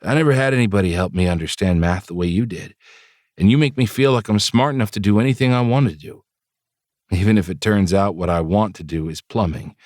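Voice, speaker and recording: Man playing an earnest eighteen-year-old student, modest, low voice, dry audiobook. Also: a little fast, a little mellow, no echo, natural voice.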